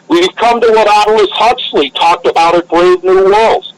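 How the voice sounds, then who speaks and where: A man's voice: high voice, normal speed, poor audio. A man in a casual podcast chat, ranting in an emphatic, conspiratorial way.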